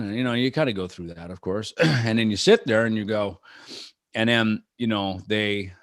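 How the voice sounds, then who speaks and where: Here a male rock musician guest, voice on the low side and pace moderate, gives a casual interview over video, wandering through his answers with many fillers and restarts while dramatizing quotes. The audio is studio quality with no echo.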